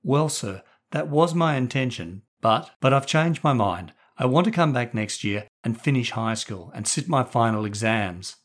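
A man's voice: medium pitch, lively intonation, moderate pace, hardly any pauses, close to an everyday voice. A man voicing a nervous teenage schoolboy who stammers and pleads earnestly. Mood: nervous pleading.

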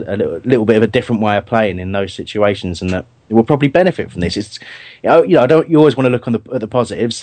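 A man hosts a casual radio show in a dry, close studio sound. He rambles and restarts as he chats his way through a football match, his voice sitting at an ordinary middle pitch. The tone stays easygoing and talkative. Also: dry recording. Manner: rambling, chatty, lots of fillers and restarts.

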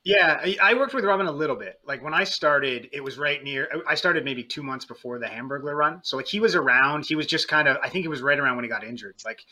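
A man who produces the show, chatting casually in a relaxed, thoughtful way. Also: on the high side, quick pace, hardly any pauses. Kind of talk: casual chat.

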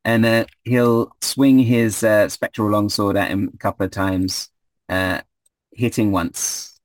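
Low-voiced game master, halting. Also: male voice, flat delivery, dry recording. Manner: hesitant, many fillers. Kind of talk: running a tabletop game.

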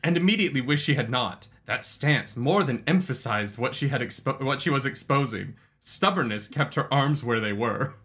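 A man's voice: mid-range voice, lively intonation, moderate pace, hardly any pauses, a bit bright. A man co-hosting a casual book-club podcast, joking around and reading quotes aloud. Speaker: podcast co-host.

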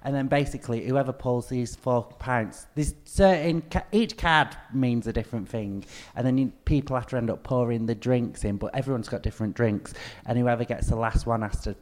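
A man's voice: medium pitch, brisk, hardly any pauses, a little mellow. Cheeky young man telling rambling stories. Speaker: guest. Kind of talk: casual chat.

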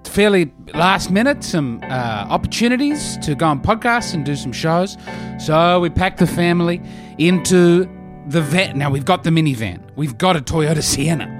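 A man talks through a comic podcast monologue, poking fun at himself as he goes. His voice sits a touch high and swings widely up and down. Music plays clearly underneath him. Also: moderate pace. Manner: animated, self-mocking, jokey. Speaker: podcast host and comedian. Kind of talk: casual comedic monologue.

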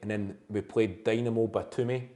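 A Scottish man, a comedian guest, telling football stories in casual animated chat. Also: lowish voice, moderate pace. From Scotland. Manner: anecdotal, animated storytelling with laughs.

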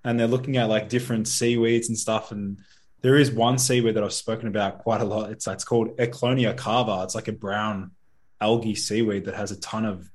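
A man's voice: lowish voice, steady tone, a little fast, darkish tone. A man hosting a podcast, asking questions in a casual, curious way. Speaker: podcast host. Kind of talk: podcast interview.

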